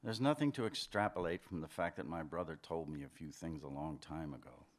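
A man reading fiction aloud, voicing a brooding husband who hedges and stumbles before he answers. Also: a bass voice. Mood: defensive. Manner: hesitant, halting, defensive. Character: defensive husband, brooding and evasive. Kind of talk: literary reading, acted dialogue.

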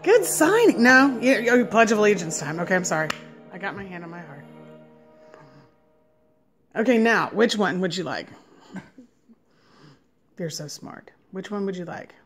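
A young woman at home feeding her son, filmed on a phone, switching between soft murmured questions and high cheerful praise. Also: expressive, moderate pace, long pauses, faint music behind. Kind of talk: casual home video chat.

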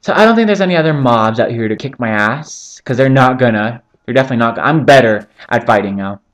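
A man's voice: mid-range voice, animated, fast, fairly bright tone. A young man giving casual, joking commentary over his own gameplay, rambling between topics and swearing often. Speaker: gaming channel host.

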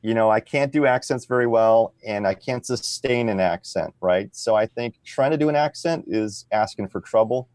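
A man's voice: fairly low pitch, moderate pace, hardly any pauses, a little mellow, no echo. A man speaking as a podcast guest, explaining at an easy pace and often tagging his sentences with "right?". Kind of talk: conversational interview.

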